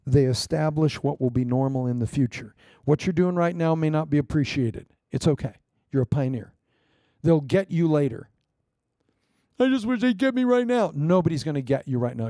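Gravelly, joking man preaching. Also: on the high side, no echo, clean studio sound. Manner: lively, joking, swings between loud proclamations and quiet asides. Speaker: pastor. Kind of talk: sermon.

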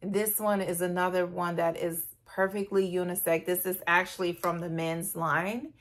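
Gushing, chatty woman with a lowish voice. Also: flat delivery, normal speed. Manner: gushing, chatty, addresses viewers as "you guys". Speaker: beauty vlogger. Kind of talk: casual perfume review vlog.

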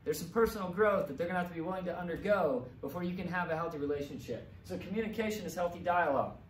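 A man's voice: high-pitched, racing. A middle-aged man giving an earnest, emphatic talk with slides, repeating key phrases for weight. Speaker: presenter. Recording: roomy echo, mic at a distance, faint background hum.

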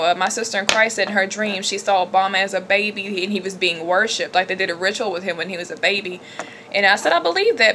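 A woman talks to her viewers in a loose, emphatic way, leaning hard on her points. Her tone is bright and forward. A faint hiss sits under the recording. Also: mid-range voice. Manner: animated, emphatic, chatty with laughs. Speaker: religious vlogger. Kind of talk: casual spiritual talk to camera.

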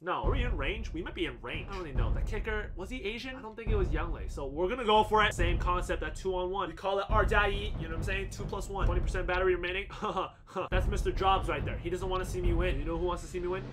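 A young man giving boastful, trash-talking commentary over his own football video game, swinging from muttering to shouting. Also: sits high, fast, music in the background. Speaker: gaming YouTuber. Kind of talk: hyped gameplay commentary.

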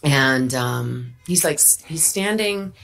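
A woman's voice: a bass voice, lively intonation, slow, vocal fry, fairly bright tone. A woman telling a behind-the-scenes story in casual chat, quoting others as she goes. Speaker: guest actress telling a set story. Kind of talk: casual anecdote.

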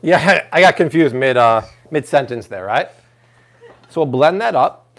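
Here a cooking show host with a mid-range voice takes his time, broadcasting live from a kitchen. His delivery is lively, talkative, and packed with jokes.

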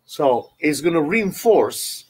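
Slow-talking Italian man teaching drums. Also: fairly high pitch, very animated, loud music behind the voice. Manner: loose, repeats "you know", counts beats aloud. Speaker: drum teacher. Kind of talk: online drum lesson. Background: drum playing.

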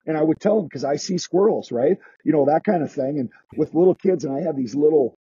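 A man's voice: fairly high pitch, lively intonation, fast, dark tone, breathy edge, highs cut off. A man who teaches skating, talking casually in a podcast interview, restarting his sentences and acting out what kids say. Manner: chatty, restarts sentences, acts out quoted kids. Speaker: skating instructor.

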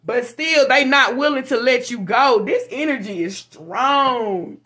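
A woman giving a casual, profane tarot reading to her viewers, frank and animated. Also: fairly high pitch, unhurried. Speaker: tarot reader.

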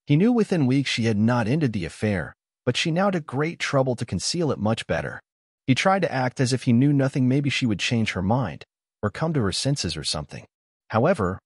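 A man narrating a written story in an expressive reading style. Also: mid-range voice, breathy edge, dry recording, studio quality.

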